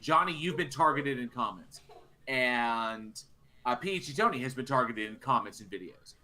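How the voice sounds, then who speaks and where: Guy from texas, rowdy and cussing, forceful bright voice. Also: medium pitch, animated, normal speed. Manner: boisterous, swearing. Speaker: co-host. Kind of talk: casual podcast chat.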